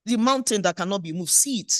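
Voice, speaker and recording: A woman's voice: mid-range voice, lively intonation, quick pace, fairly bright tone, dry recording, studio quality. A middle-aged woman, preaching a sermon in a playful, exhorting way. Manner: playful, exhorting preacher who acts out little scenes. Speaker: pastor.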